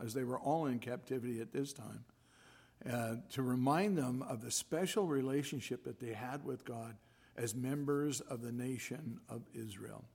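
A man preaching a sermon, reading scripture and praying in an unhurried, halting way with fillers. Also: medium pitch, a little mellow. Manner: slow, gravelly delivery with hesitant fillers. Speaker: pastor.

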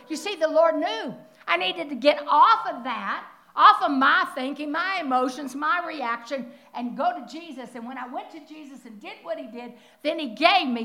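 An older woman preaching a sermon, telling stories with lively acted-out quotes. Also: high voice, moderate pace, hardly any pauses. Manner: animated storytelling with acted-out quotes.

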